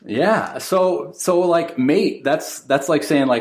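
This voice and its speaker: A man's voice: a little high, animated, slow. A man hosting a podcast in casual chat, upbeat and full of fillers like "um" and "like". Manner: filler-heavy, with many likes and ums. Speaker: podcast host.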